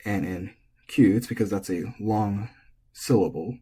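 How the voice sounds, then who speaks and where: A man giving a relaxed, casual language lesson, thinking aloud and correcting himself as he goes. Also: on the low side, measured pace, breathy edge. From United States. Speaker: language teacher.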